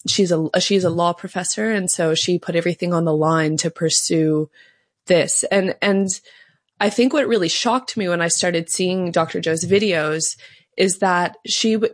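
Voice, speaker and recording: In this interview conversation, a pro-life advocate from Canada speaks as the guest, sharing her story with earnest fluency. Her voice sits fairly low, recorded in studio quality with no room sound.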